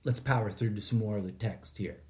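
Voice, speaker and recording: A man hosting a podcast, reading spiritual quotes slowly and breaking off into casual self-correcting asides. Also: fairly low pitch, steady tone, warm tone. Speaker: podcast host.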